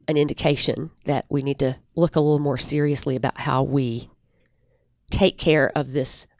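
Woman guest counselor, reflective, halting, close dry mic. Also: a bass voice, a little mellow, no room sound. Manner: thoughtful, many pauses and fillers. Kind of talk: reflective advice in a podcast interview.

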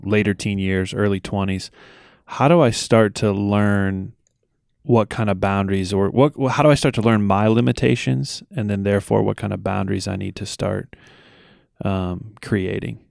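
A man co-hosting an interview, asking a question gently and thoughtfully. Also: fairly low pitch, steady tone, moderate pace, gravelly, no room sound, studio quality.

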